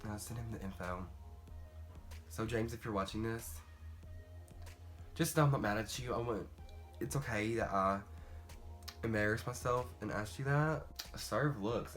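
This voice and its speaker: A teenage boy talking through a casual makeup storytime, chatty and animated, jumping into high squeals when quoting people. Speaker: beauty vlogger. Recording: faint music behind.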